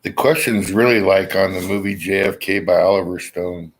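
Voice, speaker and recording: A man's voice: low voice, fairly even intonation, normal speed, few pauses, breathy edge, rough recording. A man rambling in a casual monologue to his viewers, suspicious in tone and swearing freely, with hiccups breaking in now and then. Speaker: vlogger.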